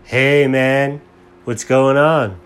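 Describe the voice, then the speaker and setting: A man's voice: mid-range voice, fairly even intonation, extremely slow, fairly bright tone, clean tone. A man voicing a laid-back, helpful male cat who runs a shop, talking in an easygoing, chummy way. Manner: easygoing, calls everyone man.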